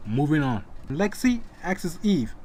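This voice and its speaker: A man's voice: on the high side, big pitch swings, takes it slowly, darkish tone, slight background noise. A man casually retelling a comic story, with chatty asides to the listener. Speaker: narrator.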